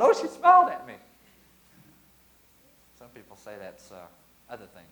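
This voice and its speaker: A pastor preaching a sermon, animated, with sudden loud bursts and calls to the congregation. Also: male voice, on the high side, low-quality recording.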